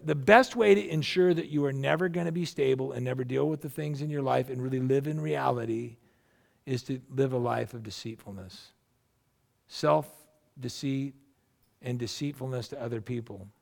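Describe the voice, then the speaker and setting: A male pastor giving a sermon in a loose, conversational way, with a gravelly edge to his voice. He tosses in asides and acts out quotes as he preaches. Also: medium pitch, a little mellow.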